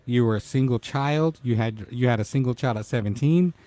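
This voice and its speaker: A man's voice: medium pitch, a little fast, mellow, no echo. A man in his forties hosting a casual live-stream talk show, emotional and tearful as he speaks to his guest. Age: 40s.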